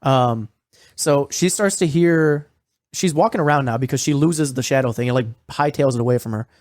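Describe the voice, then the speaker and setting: A man's voice: medium pitch, moderate pace, a little mellow, no room sound, studio quality. A man co-hosting a podcast, recapping a horror series in casual, profane, rambling talk full of fillers. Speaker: podcast co-host.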